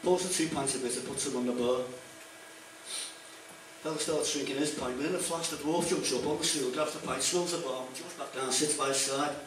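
A man's voice: medium pitch, brisk, a bit bright, distant mic, a little hiss or hum. A man with a Liverpool accent doing a stand-up comedy routine, telling jokes and acting out the characters in them. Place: stage in a room with an audience. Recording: echoey room recorded from afar.

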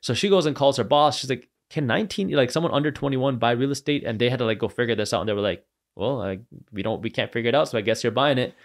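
A man on a podcast as an entrepreneur guest, telling stories with lively energy and acting out the voices of the people in them. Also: medium pitch, racing. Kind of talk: animated storytelling.

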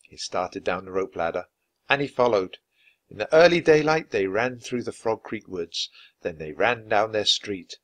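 A man reading a children's chapter book aloud, narrating clearly and expressively. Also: on the low side, lively intonation, normal speed, fairly bright tone. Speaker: storybook reader.

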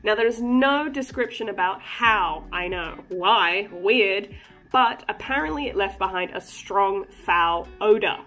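A woman's voice: medium pitch, animated, unhurried, fairly bright tone, faint music behind. A woman hosting a casual cryptid vlog, chatty and joking, breaking into giggly asides. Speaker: cryptid channel host.

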